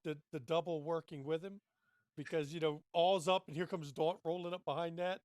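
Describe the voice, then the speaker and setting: A man's voice: fairly high pitch, steady tone, a little mellow, no room sound, clean studio sound. A man chatting casually and jokily between turns at a tabletop role-play game. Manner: quick and jokey. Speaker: player.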